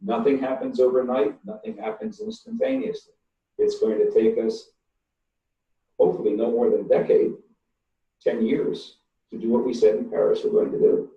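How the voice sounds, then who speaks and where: A man's voice: medium pitch, gravelly, echoey room, highs cut off. Older man, emphatic, distant call audio. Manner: emphatic and blunt, stresses words slowly. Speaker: engineering professor answering webinar questions. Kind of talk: online webinar Q&A. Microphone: computer mic on a video call.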